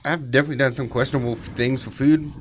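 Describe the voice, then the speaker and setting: A man's voice: medium pitch, fairly even intonation, very fast, slight background noise. A man guesting on a casual podcast, teasing the others in a wry, joking way. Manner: wry, teasing, starts a personal story. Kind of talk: casual chat.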